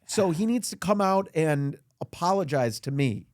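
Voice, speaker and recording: A man as a podcast guest in a comedic rant, indignant and self-pitying, his voice climbing high as he complains. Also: expressive, normal speed, no echo, clean studio sound. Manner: indignant, whiny self-pity, voice climbs high when ranting. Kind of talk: comedic mock interview rant.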